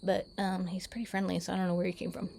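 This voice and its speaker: A woman's voice: fairly low pitch, monotone, fast talker, creaky, mellow, a little hiss or hum. A woman vlogging outdoors in casual chat, playful and meowing back at cats. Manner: playful, chats with cats and meows at them. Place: outdoors on her property.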